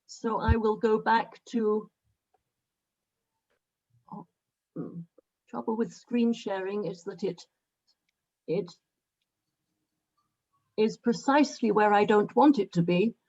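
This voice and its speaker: A woman hosting an online meeting, talking haltingly with many fillers while she sorts out settings on a video call. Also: mid-range voice, a little mellow, dull audio. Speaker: event host.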